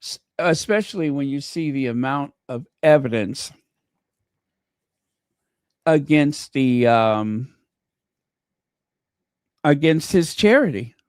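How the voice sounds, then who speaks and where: A man's voice: medium pitch, expressive, slow, long pauses, darkish tone, clear, resonant tone, no echo. A man hosting his own channel in casual live commentary, chatty and thinking aloud as he reads viewer comments. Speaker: channel host.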